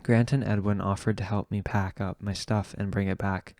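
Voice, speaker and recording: A man reading an audiobook aloud in a slow, measured way. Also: lowish voice, little pitch movement, darkish tone, no echo, clean studio sound. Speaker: audiobook reader. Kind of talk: audiobook narration.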